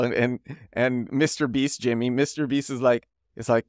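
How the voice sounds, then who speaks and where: A man's voice: medium pitch, dry recording. Man telling stories, dry and close. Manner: energetic storytelling with quick voiced quotes of friends. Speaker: podcast host. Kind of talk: solo podcast monologue.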